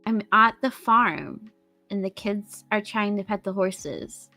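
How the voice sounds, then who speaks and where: A woman's voice: medium pitch, slow pace, pushed and bright, soft background music. A woman voicing a weary mother who firmly and with exasperation tells her husband to go to bed. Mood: exasperated.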